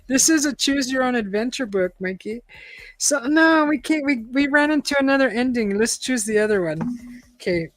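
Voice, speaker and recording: A woman's voice: a little high, measured pace, no echo. Chatty woman reading aloud. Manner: chatty, laughs often, animated exclamations. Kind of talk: casual live-stream book reading.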